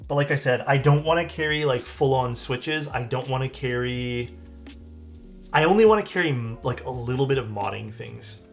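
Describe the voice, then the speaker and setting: A man's voice: mid-range voice, moderate pace, creaky. A man with a Canadian accent chatting casually on a live stream, answering viewers' questions about keyboard parts. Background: faint music.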